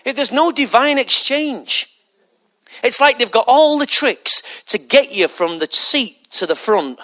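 Male pastor, high and bright, conversational sermon with rhetorical questions. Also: lively intonation, unhurried.

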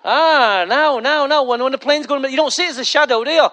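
A male pastor preaching a sermon with humorous, lively storytelling. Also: extremely high pitch, fairly quick.

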